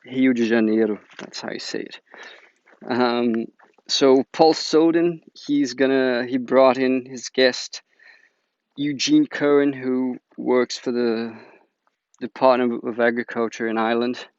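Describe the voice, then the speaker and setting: Male host, chatty and keen, gravelly voice, muffled lo-fi sound. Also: medium pitch, level tone, slow, no echo. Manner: upbeat, chatty, enthusiastic. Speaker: agroforestry teacher, channel host. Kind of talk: casual announcement to viewers. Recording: dull lo-fi dry recording.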